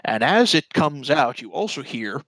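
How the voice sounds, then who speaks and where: A man running a tabletop game as game master, with a bright, tense voice and casual, halting narration. The sound is dry and close to the mic. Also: medium pitch, sing-song, no echo, rough recording. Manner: casual and hesitant, with fillers.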